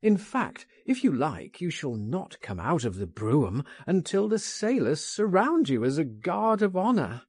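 A man's voice: fairly high pitch, big pitch swings, measured pace, hardly any pauses, a little mellow, husky, dry recording, clean studio sound, pitched above the performer's own voice, full character voice. A man reading an audiobook, voicing a bold, impatient man who insistently urges his friend. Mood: urging. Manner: insistent, persuasive.

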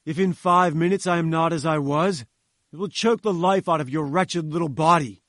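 A hot-tempered bearded male professor who orders people about in a pompous, commanding way, as a man reads him. His voice is raised and pitched high. The recording is dry. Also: moderate pace, no echo, close to an everyday voice. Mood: furious.

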